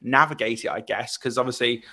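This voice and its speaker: A man's voice: mid-range voice, fairly quick, a little hiss or hum. Chatty English podcast host, a man. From England. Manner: chatty, animated, swears casually. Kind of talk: casual interview chat.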